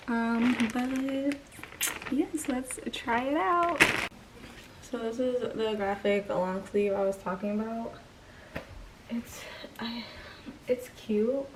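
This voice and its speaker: A young woman chatting casually through a try-on haul, out of breath and slipping into whispers. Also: medium pitch. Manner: chatty, filler-heavy, drifts into whispers. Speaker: vlogger. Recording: distant mic with clear background noise.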